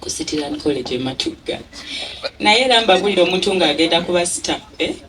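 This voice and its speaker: A woman's voice: fairly low pitch, expressive, fast, noisy background. A woman with a Ugandan accent giving an emotional thank-you speech at an event. She laughs often and mixes English with Luganda. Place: event venue. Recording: distant mic with a crowd behind.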